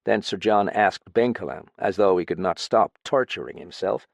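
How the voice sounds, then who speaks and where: A male narrator reading a mystery audiobook at a measured pace. His voice is low and gravelly, with a dry, close sound and no room echo. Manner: measured storytelling. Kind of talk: scripted narration.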